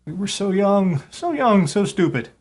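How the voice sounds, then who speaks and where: A man's voice: high-pitched, big pitch swings, measured pace. A man hosting a live radio show, chatting casually and now and then cooing to his cat. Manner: chatty, talks to his cat in a soft baby voice.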